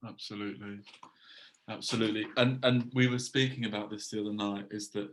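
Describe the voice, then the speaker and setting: A male interviewer with a low, flat voice that barely rises or falls. He talks through his questions thoughtfully and fills his pauses as he goes. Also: a little hiss or hum, poor audio. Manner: thoughtful, with many fillers. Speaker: interviewer host. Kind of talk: conversational interview.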